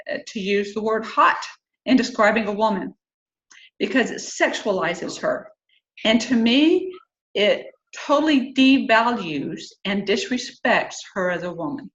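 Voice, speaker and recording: A woman's voice: fairly high pitch, a little slow. Woman in her fifties, group-chat host, chatty and opinionated, recorded on a call mic in a roomy space with a dull, lo-fi sound. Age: 50s. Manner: chatty, animated when quoting and opinionated. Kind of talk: casual online group chat.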